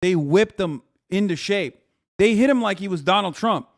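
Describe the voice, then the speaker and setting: Hosting a political live stream, this man rants about the news, profane and incredulous, in casual commentary. His high-pitched voice has lively intonation and a moderate pace.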